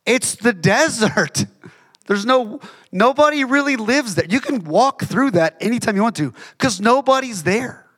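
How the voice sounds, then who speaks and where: A man's voice: extremely high pitch, lively intonation, a little slow, a bit bright. A man preaching a sermon in a conversational, emphatic way, repeating phrases for effect.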